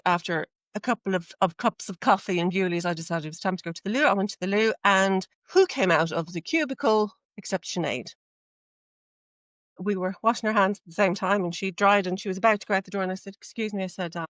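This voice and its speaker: A woman's voice: mid-range voice, a little fast, fairly bright tone, no room sound. A woman with an Irish accent tells a personal story as a podcast guest. Her delivery is chatty and self-deprecating. The recording is close and dry, with no room sound. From Ireland. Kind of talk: storytelling anecdote in conversation.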